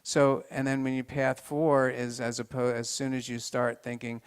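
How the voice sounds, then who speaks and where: A man giving an informal health talk to a live group, halting with many restarts and turning to the audience with questions. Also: mid-range voice, level tone, clear, resonant tone.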